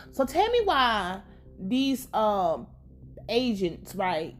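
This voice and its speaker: A young woman giving a casual, profane, laughing recap of a TV episode. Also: lowish voice. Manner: animated, profane, laughing running commentary. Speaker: TV recap host.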